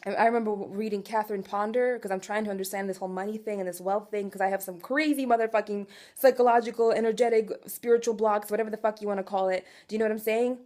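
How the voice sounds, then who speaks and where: A woman in her twenties venting in an emotional confessional rant, raw and profane, swinging from quiet weariness to loud exasperation and asking again and again whether you follow her. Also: medium pitch, steady tone, fast, hardly any pauses. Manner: raw, profane, keeps asking "do you know what I'm saying". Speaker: vlogger.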